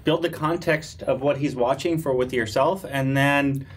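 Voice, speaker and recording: A man's voice: medium pitch, moderate pace, breathy edge. A man offering casual advice in an offhand way, picked up from away from the mic.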